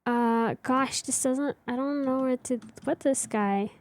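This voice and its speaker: A woman's voice: high-pitched, a little slow, a little mellow. A young woman streamer chatting casually with her viewers while building in a game, rambling and answering chat.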